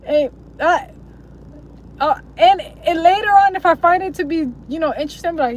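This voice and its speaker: A very high-pitched young woman talks to her stream viewers at a moderate pace, rambling in slangy, profane chatter and mocking voices. The recording is low quality with slight background noise.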